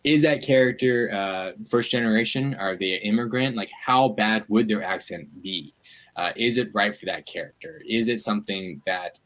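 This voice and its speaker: A man, a media activist and guest, talking in a casual interview, animated and full of "like" fillers. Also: lowish voice, moderate pace, low-quality recording.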